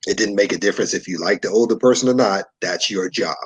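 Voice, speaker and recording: A man from New York, a show guest, telling a story in a relaxed, conversational way and acting out what people said. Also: lowish voice, fast talker, husky, rough recording. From New York, USA. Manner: animated storyteller who acts out dialogue.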